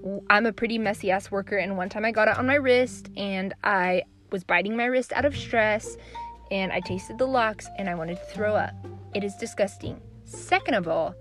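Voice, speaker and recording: A woman's voice: mid-range voice, a bit bright, soft background music. A young woman hosting a podcast, ranting through stories in a sarcastic, profane way. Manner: sarcastic, profane, fast-switching between mock voices. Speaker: podcast host. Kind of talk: ranting storytime monologue.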